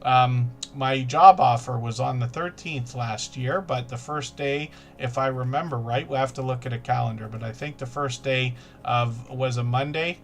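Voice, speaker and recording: Man, livestream host, casual chat, mid-pitched voice, rambling and self-correcting, faint music behind. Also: moderate pace, vocal fry, few pauses. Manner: rambling, self-correcting, chatty with frequent fillers. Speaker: livestream host promoting small channels.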